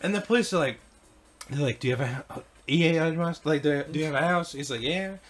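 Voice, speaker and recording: A man's voice: on the high side, fast. A man casually telling a rambling story, laughing and swearing as he goes. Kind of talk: casual chat while gaming.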